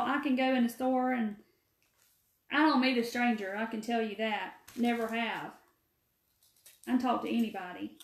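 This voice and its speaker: A woman with a Mississippi Southern accent, hosting a live craft demo, talking folksy and chatty and answering viewers by name. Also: fairly high pitch. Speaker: craft live-stream host. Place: empty room. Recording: echoey room.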